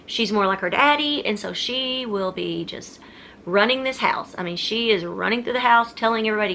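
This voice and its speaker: Bright-voiced woman vlogging at home. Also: mid-range voice, normal speed, slight background noise. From Texas. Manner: chatty and rambling, often restarting sentences. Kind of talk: casual Q&A vlog.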